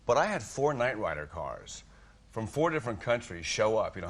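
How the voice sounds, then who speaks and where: A man, a chat-show guest telling lively anecdotes and acting out scenes. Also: fairly low pitch, normal speed. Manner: animated storyteller, acting out scenes, laughing. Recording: studio audience and noise. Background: studio audience.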